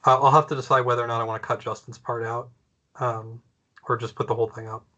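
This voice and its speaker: Bright-voiced man. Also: mid-range voice, little pitch movement, fast, highs cut off. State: losing his voice. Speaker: training presenter. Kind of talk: online training webinar.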